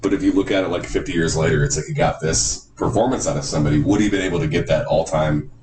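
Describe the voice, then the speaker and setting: A man co-hosting a podcast in casual chat, rambling, animated and swearing freely. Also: a bass voice, fast talker. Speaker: podcast co-host. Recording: echoey room, far from mic, noisy.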